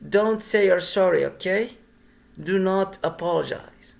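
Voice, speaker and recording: A man's voice: sits high, measured pace, gravelly. A man reading the lines of a blunt young woman with cancer, in a dry, sardonic way.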